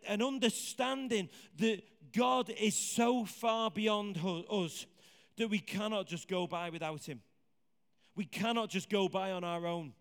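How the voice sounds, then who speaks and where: A man preaching a sermon in a conversational, animated way, asking the congregation questions. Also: high voice, clean tone. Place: church hall with congregation. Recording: hall reverb.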